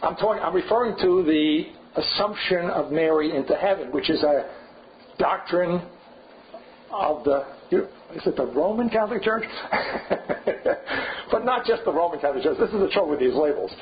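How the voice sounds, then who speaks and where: An older man gives a loose, digressive informal seminar lecture, thinking aloud and prodding listeners with a frequent rhetorical "right?" and "you see?". His voice sits a bit higher than most men's, with lively intonation at normal speed. The recording is dull and lo-fi, with a faint hiss underneath.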